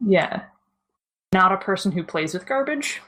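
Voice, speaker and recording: A woman co-hosts a tabletop gaming podcast in a wry, playful way. Her pitch moves a lot as she talks, and she sounds relaxed in casual chat. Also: a little slow. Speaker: podcast co-host.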